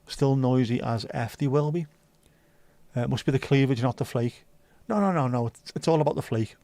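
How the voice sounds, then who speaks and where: A man's voice: mid-range voice, normal speed, mellow, dry recording. A man hosting a casual livestream, chatty and jokey as he reacts to chat messages. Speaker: livestream host.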